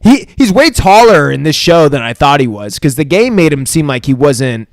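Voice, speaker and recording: A man's voice: a little high, very animated, moderate pace, dry recording. Guy on a podcast rambling through an ep recap, swears a lot, dry close mic. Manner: loose, profane, rambling recap. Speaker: podcast co-host. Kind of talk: casual TV recap chat.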